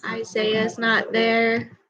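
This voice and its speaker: A woman's voice: fairly high pitch, completely flat delivery, very slow, a bit bright, soft background music, rough recording. A young woman teacher running an online class over a video call, chatty and upbeat as she praises students.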